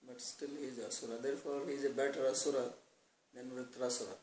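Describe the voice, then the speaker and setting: A man giving a devotional scripture class. He explains verses through everyday examples and chants the verses slowly. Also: medium pitch, flat delivery, a little mellow, slight background noise. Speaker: lecturer on scripture. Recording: roomy, distant mic, faint ambience.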